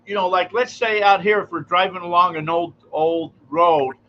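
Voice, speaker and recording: A man's voice: sits high, moderate pace, sharp tone, highs cut off. A man hosting a radio talk show, easygoing and hesitant, often repeating words. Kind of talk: casual chat.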